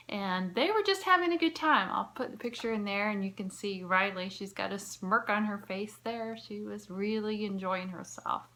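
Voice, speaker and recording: A woman's voice: medium pitch, moderate pace, a bit bright. A woman in her fifties telling a personal story to camera in an earnest, heartfelt way, sometimes dropping to a near whisper. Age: 50s. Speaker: vlogger.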